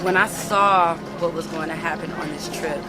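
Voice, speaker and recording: A woman's voice: low-pitched, fairly even intonation, normal speed, loud music behind the voice, over a noisy crowd. A woman in her forties from Illinois, heartfelt and tearful, giving a travel testimonial. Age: 40s. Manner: heartfelt, emotional.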